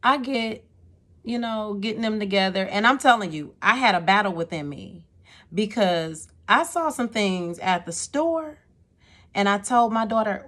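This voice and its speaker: Animated woman venting a story. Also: medium pitch, normal speed. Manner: animated and exasperated, repeats words, talks to viewer with "okay?". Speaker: vlogger telling a personal story. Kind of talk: casual storytelling to camera.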